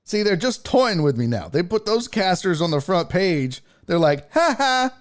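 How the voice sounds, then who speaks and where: A man's voice: high-pitched, animated, moderate pace. A man hosting a casual live stream, ranting in a profane, exasperated way and slipping into mocking voices when he quotes people. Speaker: show host.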